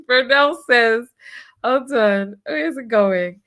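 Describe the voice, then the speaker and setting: A woman's voice: on the high side, fairly bright tone. A woman hosting a casual livestream, reading donations aloud, laughing often and exclaiming "oh my Lord" and "have mercy.". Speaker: livestream host.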